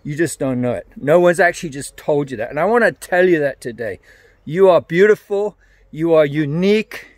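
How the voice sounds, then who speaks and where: Earnest older man preaching, fairly high voice. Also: lively intonation, normal speed, no echo. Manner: earnest, emphatic, repeats phrases. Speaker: evangelist. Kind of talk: evangelistic message to camera.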